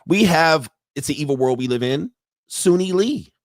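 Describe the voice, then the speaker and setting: A man's voice: a little high, expressive, moderate pace, no echo, clean studio sound. A man hosting a podcast from his computer, talking in a casual, rambling, profane way and laughing often. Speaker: podcast host. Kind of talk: casual live-streamed commentary. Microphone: computer mic and webcam.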